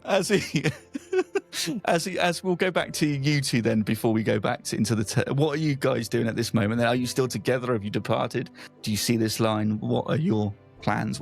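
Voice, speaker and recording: A man narrating as game master of a tabletop game, laughing often and tossing in quick asides. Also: mid-range voice, vocal fry, soft background music.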